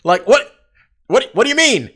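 A man's voice: very high-pitched, very animated, normal speed, pushed and bright. A man co-hosting a casual sports podcast, ranting animatedly with lots of swearing and laughter. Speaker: podcast co-host.

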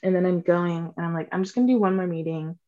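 Speaking quickly in a fairly low register, this twenty-something woman spins a story in casual chat, animatedly voicing other people's lines. She swears freely and leans on "like" a lot, all captured in lo-fi sound.

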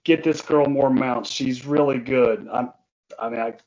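A man's voice: mid-range voice, fairly even intonation, measured pace, darkish tone, highs cut off. A man with a Kentucky accent, hosting a podcast interview and teasing the guest in a jokey, chatty way. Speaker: podcast host. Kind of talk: casual interview.

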